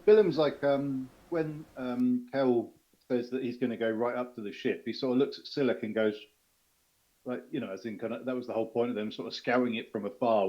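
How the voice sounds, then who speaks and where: A man's voice: medium pitch, darkish tone. A man playing a tabletop game, describing his character's actions hesitantly with many fillers. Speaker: player. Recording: muffled lo-fi mic.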